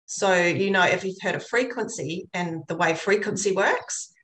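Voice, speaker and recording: A woman's voice: lowish voice, normal speed, fairly bright tone. Chatty woman in an echoey room. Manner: earnest, chatty, rambling storytelling. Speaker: energy healer guest. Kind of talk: casual interview chat. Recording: roomy echo.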